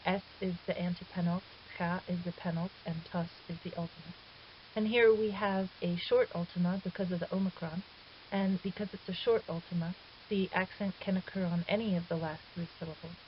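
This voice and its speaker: A woman's voice: lowish voice, steady tone, a little fast. Patient woman teacher on lo-fi audio. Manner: patient, methodical explaining. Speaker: Greek teacher. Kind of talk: recorded grammar lesson. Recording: dull lo-fi audio with faint hiss.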